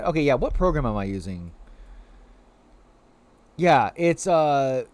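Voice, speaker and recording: A man's voice: medium pitch, slow, pauses often. A man live-streaming a video game, rambling casually to his chat with many filler words and cooing at the creatures on screen. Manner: animated, rambling, heavy "like" fillers; coos playfully at game creatures.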